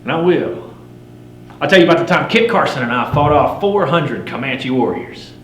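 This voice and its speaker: A middle-aged man playing a boastful frontier fur trapper, spinning a first-person campfire tall tale in a folksy drawl with rough frontier grammar, wry and swaggering. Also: on the high side, lively intonation, normal speed, a bit bright. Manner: swaggering, wry, chuckling at his own yarns. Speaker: living history storyteller. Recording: roomy recording with faint hum.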